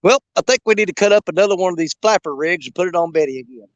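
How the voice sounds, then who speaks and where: Older fishing host: high, lively voice with a bouncy pitch, joking and rambling with live viewers, laughing often. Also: male voice, rapid-fire, no room sound, muffled recording. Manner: jokey and rambling, laughs a lot. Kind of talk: casual live-stream chat. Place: outdoors at a creek.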